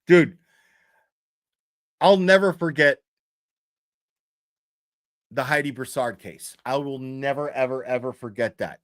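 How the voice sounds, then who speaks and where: A man's voice: mid-range voice, takes it slowly, long pauses. A man telling a story on a livestream in a blunt, profane way, with many fillers and restarts. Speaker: true crime commentary streamer. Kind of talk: casual livestream commentary.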